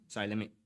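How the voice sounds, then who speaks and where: A man's voice: lowish voice, noisy background. A young man livestreaming and chatting with viewers, often apologizing, stammering and repeating himself, a little stuffy from allergies. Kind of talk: casual live stream chat and reading aloud.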